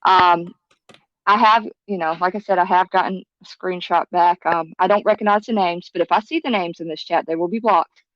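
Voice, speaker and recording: Woman, Southern US accent, lowish voice, hesitant, restarts, dry muffled stream sound. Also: steady tone, fairly quick, a bit bright, no room sound. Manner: hesitant, restarts, addresses viewers as y'all. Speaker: livestream co-host. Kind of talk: livestream chat. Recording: dull dry stream audio.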